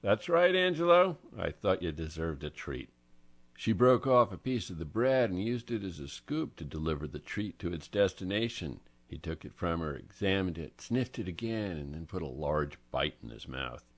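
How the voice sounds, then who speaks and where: A man narrating a mystery story in a measured storytelling manner. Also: low voice, expressive. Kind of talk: story reading.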